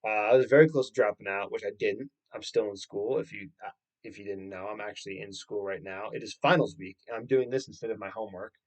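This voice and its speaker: A young man hosting a podcast, telling a story in an animated, rambling way and swearing freely. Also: lowish voice, quick pace. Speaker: podcast host. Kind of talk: casual solo podcast storytelling.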